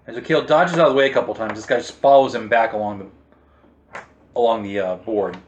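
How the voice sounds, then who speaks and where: A man's voice: mid-range voice, fairly quick, muffled recording, a little hiss or hum. A man running a tabletop game as game master, steadily explaining rules and narrating the action. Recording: echoey room.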